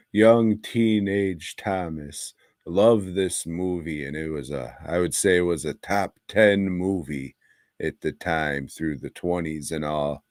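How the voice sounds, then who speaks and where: Guy with a low voice talking movies real slow, dry close mic, swears a lot. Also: no echo. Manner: profane, animated storytelling with acted-out quotes. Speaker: podcast co-host. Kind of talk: casual movie review chat.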